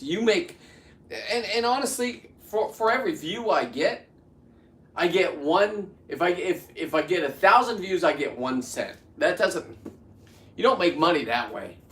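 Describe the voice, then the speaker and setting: A man's voice: a little high, fairly bright tone, reverberant, distant mic. A man in his fifties talking casually to camera while he works, rambling with many restarts and getting worked up as he goes. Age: 50s. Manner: rambling, restarts, heats up into ranting. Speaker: vlogger.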